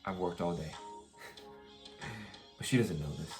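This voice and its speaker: This young vlogger's voice is deep, low, and a little mellow, and he talks at a slow pace while venting to the camera. Faint music runs beneath him as he restarts sentences, circles back, and swears through the retelling.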